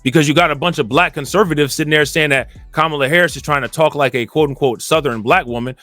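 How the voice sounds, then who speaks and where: A man from Cleveland talking in a casual, rambling commentary monologue. He often repeats filler phrases and gets more animated when indignant. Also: a little high, quick pace, dry recording, soft background music. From Cleveland, Ohio. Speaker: commentary channel host.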